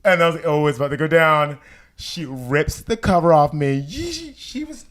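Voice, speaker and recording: A young man hosting a talk show, telling a story in a campy, animated, profane way. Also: a little high, normal speed. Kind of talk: casual storytelling chat.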